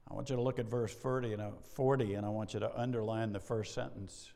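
A middle-aged man preaching a sermon, animated, acting out bits of dialogue and laughing now and then. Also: on the low side, fast, gravelly, few pauses. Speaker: pastor. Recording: long hall reverb.

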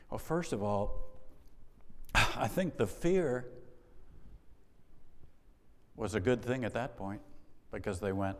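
A man's voice: on the low side, animated, slow pace, pauses often. A man preaching a sermon with emphasis, putting rhetorical questions to his congregation and asking for an "amen". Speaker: pastor. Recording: long hall reverb.

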